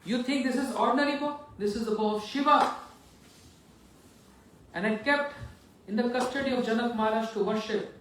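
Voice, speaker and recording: A man's voice: normal speed, long pauses, a bit bright. A man voicing a furious old warrior sage who threatens and repeats his own name, in an echoey room from far off. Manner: booming, threatening, repeats himself.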